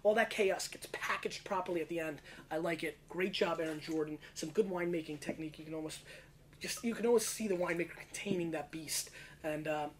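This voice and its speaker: A man in his thirties hosting his own wine review show, talking in a brash, slangy, rapid-fire way as he scores and riffs on each bottle. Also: a little high, slight background noise. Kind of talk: casual video wine review.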